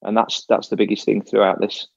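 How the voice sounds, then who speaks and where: A man's voice: lowish voice, level tone, a little fast, creaky, breathy edge, no echo, muffled recording. A man coaching an athlete in casual talk, explaining step by step and often restarting his phrases. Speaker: triathlon coach.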